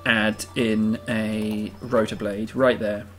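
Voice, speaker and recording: A man's voice: fairly low pitch, flat delivery, slow, soft background music. Playful man narrating a game build. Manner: playful, self-amused, thinking aloud. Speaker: game video host. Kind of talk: casual build commentary.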